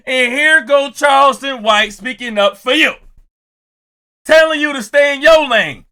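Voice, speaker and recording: High, bright-voiced ranting commentator. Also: male voice, a little slow, clean tone. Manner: animated, repetitive ranting with shouted mimicking. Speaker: reaction commentator. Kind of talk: reaction video commentary.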